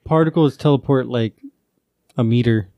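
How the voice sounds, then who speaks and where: A man's voice: mid-range voice, normal speed, dark tone, no echo. A man on a podcast, joking around and asking questions in a casual film chat.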